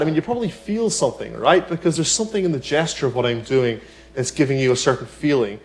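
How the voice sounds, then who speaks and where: A man teaching piano in a relaxed tutorial, talking chattily, with many "you know" asides and rhetorical questions. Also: mid-range voice, quick pace. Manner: explains with everyday examples. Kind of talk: casual spoken tutorial.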